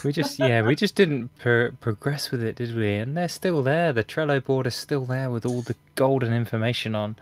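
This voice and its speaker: A man's voice: mid-range voice, moderate pace, few pauses, dry recording. A man from Britain, a podcast guest, chatting casually and telling stories in an upbeat, jokey way. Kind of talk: casual chat.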